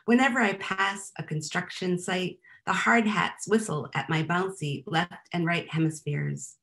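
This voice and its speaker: A woman poet giving a live poetry reading, with a wry deadpan delivery and chatty asides between poems. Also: on the low side, a little slow, gravelly.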